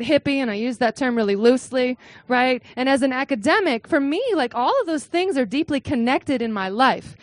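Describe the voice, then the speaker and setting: A woman from the US Midwest giving an animated academic talk to an audience, with frequent "right?" asides and excited acted-out quotes. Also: no echo. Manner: acts out quotes in a high excited voice. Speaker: lecturer.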